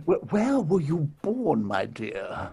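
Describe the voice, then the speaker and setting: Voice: mid-range voice, wildly swooping pitch, slow, dark tone, slight background noise, full character voice. A performer playing a frail, posh director in his eighties who talks in a doddering, courtly and tactless way. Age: 80s. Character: frail posh elderly male film director.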